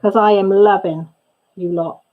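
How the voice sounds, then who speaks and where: Unhurried and steady in tone, a medium-pitched woman hosts a relaxed crafting channel livestream from home over phone-quality sound. She talks chattily and rambles, frequently cutting into her own thoughts.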